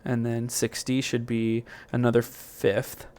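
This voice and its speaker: A man hosting a music software tutorial, thinking aloud in a loose, rambling way with plenty of fillers and self-corrections. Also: mid-range voice, completely flat delivery, slow, heavy background noise.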